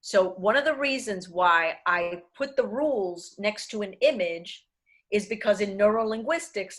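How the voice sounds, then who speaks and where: A woman's voice: medium pitch, a bit bright. A woman, an acting and diction coach answering questions in an online workshop, slipping between English and with emphatic phrasing. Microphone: video call.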